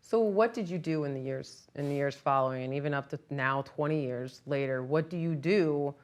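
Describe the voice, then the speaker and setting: A woman's voice: low voice, normal speed, a little mellow. A woman interviewer asking questions in a sympathetic, conversational way.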